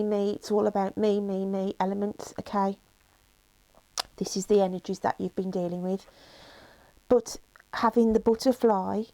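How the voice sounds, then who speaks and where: Emotional tarot reader, mellow voice. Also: female voice, mid-range voice, no echo. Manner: emotional, reassuring, many fillers and "okay?" checks. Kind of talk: tarot reading monologue.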